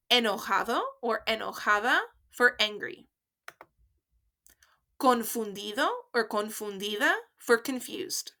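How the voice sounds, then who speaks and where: A woman teaching a beginner Spanish lesson, explaining patiently and modeling phrases slowly and carefully for learners to repeat. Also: medium pitch, sharp tone. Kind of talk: slow, clear language lesson with repeat-after-me drills.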